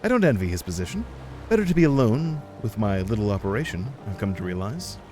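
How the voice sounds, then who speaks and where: A man's voice: lowish voice, very animated, fast talker, warm tone, soft background music. A man reading as a gloomy lone harbor trader. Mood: resigned. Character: weary lone male harbor trader, resigned.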